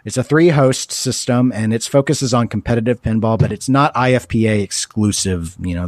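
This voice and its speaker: A man with a nasal voice, co-hosting a podcast in loose, chatty, self-mocking talk. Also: lowish voice. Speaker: podcast co-host. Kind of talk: casual podcast chat.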